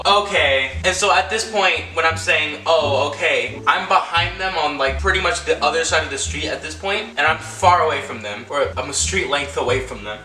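A young man from California, telling a story at home in an animated, excitable way, full of fillers and acted-out quotes. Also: on the high side, normal speed, hardly any pauses, faint music behind. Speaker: vlogger. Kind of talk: storytime vlog. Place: at home indoors. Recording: echoey room, mic at a distance.

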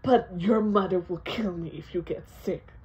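A woman's voice: fairly low pitch, moderate pace, highs cut off, background noise, natural voice. Woman doing a fretful pleading dad. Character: anxious pleading father, adult man.

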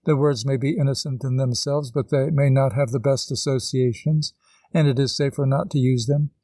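A man voicing a kindly woman teacher who gently lectures a girl, in an audiobook reading. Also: mid-range voice, fairly even intonation, moderate pace, dry recording, natural voice. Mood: earnest. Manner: patient, instructive.

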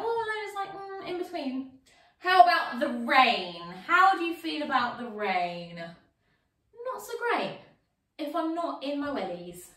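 A woman teaching kids yoga over a video call, her high, bright voice bouncing and sing-song as she calls out poses. She sounds a little away from the mic in an echoey room. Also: recorded from a distance. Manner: animated, playful, sing-song with children. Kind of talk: online kids yoga class.

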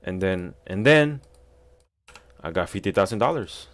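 A man's voice: sits low, lively intonation, measured pace, long pauses. A man giving casual gaming commentary, swearing often and complaining in frustration. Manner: profane, frustrated trash talk. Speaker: gameplay streamer.

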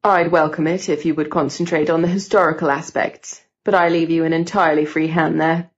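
A woman narrator voicing a composed male teacher with a lowered voice. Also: flat delivery, fairly quick, muffled recording, close to an everyday voice. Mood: dry. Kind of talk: audiobook character voice.

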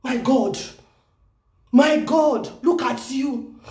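A Nigerian woman vlogging news commentary in an excited, exclamatory way, repeating phrases for emphasis. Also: sits high, moderate pace, reverberant. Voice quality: animated, exclamatory, repeats herself.

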